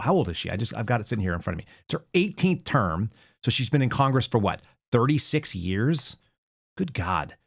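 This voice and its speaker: A man's voice: fairly low pitch, dry recording. A man in his forties hosting a political commentary show, sarcastic and rambling, talking casually from a studio. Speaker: show host.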